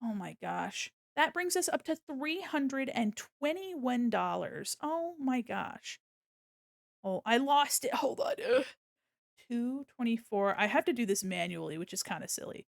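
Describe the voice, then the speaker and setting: A young adult woman hosting a charity live stream, gushing and excitable, often laughing as she thanks donors. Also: on the high side, unhurried, creaky. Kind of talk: casual live-stream chat.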